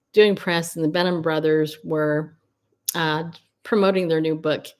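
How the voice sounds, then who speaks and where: A middle-aged woman talking casually on a home livestream, her voice sitting a little low for a woman. She tells stories in a chatty, animated way, breaking into laughs and blunt asides. Her pitch jumps high when she acts out her own surprise. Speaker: Christian media host and coach. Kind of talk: casual solo livestream talk.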